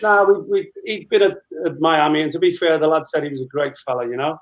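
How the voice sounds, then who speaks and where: A man in his fifties, a former footballer, telling lively anecdotes with frequent laughter as an interview guest. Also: a little high, quick pace, low-quality recording. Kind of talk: casual storytelling interview.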